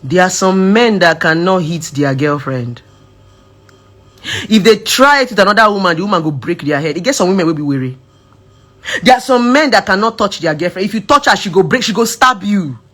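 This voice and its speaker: Husky woman telling her story. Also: on the low side, a little fast. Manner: animated, emphatic, switches between shouting and soft quoted voices. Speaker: social media advice speaker. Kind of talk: casual personal testimony.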